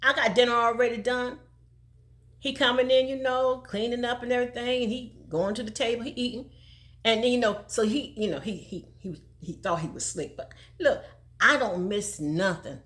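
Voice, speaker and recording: A woman's voice: a little high, brisk. An older woman telling a story in casual talk, laughing often as she goes. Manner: animated, laughing often, country dialect.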